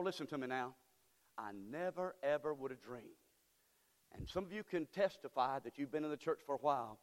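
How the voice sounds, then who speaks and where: Fiery preacher, wild pitch swings. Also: male voice, lively intonation, a little fast. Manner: impassioned, swings from quiet storytelling to shouted praise. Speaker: pastor. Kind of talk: sermon. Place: church sanctuary. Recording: church hall with long reverb.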